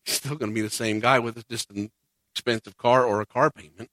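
A man's voice: mid-range voice, steady tone, a little fast, a bit bright, dry recording, studio quality. A man preaching a sermon in a conversational way, rising to emphatic points and acting out the quoted voices of churchgoers. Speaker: pastor.

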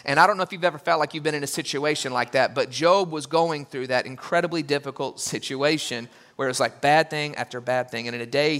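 Bright-voiced man preaching. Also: medium pitch. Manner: animated, joking asides, acts out quoted voices. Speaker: pastor. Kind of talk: sermon.

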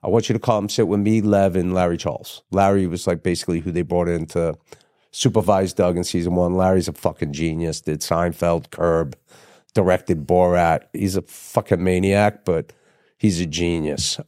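Middle-aged guy rambling thru a story, swears a lot, kinda low voice, dry close sound. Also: steady tone, normal speed, mellow, no echo. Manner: rambling, profane, acts out quoted voices. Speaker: guest, TV writer and producer. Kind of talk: casual storytelling interview.

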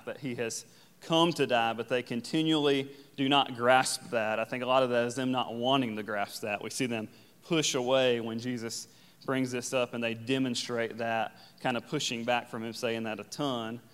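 Man, pastor, sermon, conversational, resonant, mid pitch, long reverb. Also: steady tone, normal speed, a bit bright, clear, resonant tone. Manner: conversational, paraphrases scripture in casual everyday phrasing.

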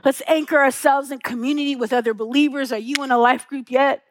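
A woman's voice: sits high, fairly even intonation, brisk, a little hiss or hum, low-quality recording. A middle-aged woman pastor preaching a sermon, telling stories tenderly and asking the congregation rhetorical questions.

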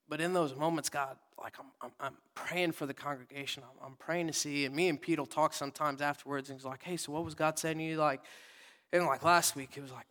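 Casual young preacher in an echoing church. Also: male voice, mid-range voice, fairly even intonation, brisk. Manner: casual, conversational preaching with sudden loud readings and soft whispered asides. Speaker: pastor. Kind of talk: sermon. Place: church sanctuary.

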